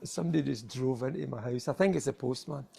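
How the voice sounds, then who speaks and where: A man's voice: medium pitch, fast, gravelly, dark tone, breathy edge. An older Scottish man chatting as a guest on a video-call interview, rambling and self-deprecating, laughing often. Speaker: guest musician. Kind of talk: casual interview chat.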